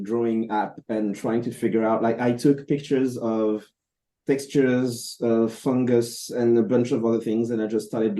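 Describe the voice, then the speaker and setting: Man, guest comic creator, video call, thoughtful, stop-start phrasing, mid pitch. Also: mellow. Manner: thoughtful, halting, many fillers and restarts. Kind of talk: casual interview answers.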